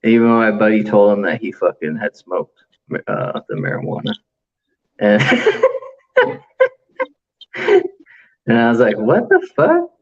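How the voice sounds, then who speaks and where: A man's voice: on the low side, wildly swooping pitch, slow, long pauses, highs cut off. A man hosting a casual late-night chat, telling stories full of swearing and laughter. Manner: profane, laughing storyteller. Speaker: host.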